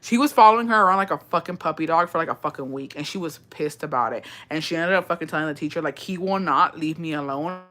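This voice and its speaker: This woman in her thirties, a storytime vlogger, casually recounts a gossipy childhood tale full of profanity and sprinkled with Spanish phrases. Her low-pitched, slightly bright voice moves fast with few pauses.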